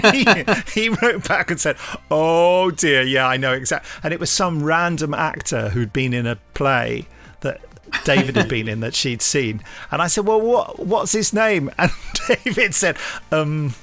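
A man's voice: fairly high pitch, animated, a little slow, pushed and bright, soft background music. An older man chatting as a podcast co-host, telling self-deprecating anecdotes. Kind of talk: casual chat.

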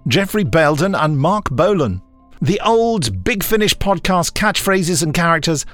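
A man's voice: on the high side, very animated, measured pace, a bit bright, no echo, faint music behind. A man co-hosting a podcast in casual chat, upbeat and presenter-like, laughing easily with his co-host.

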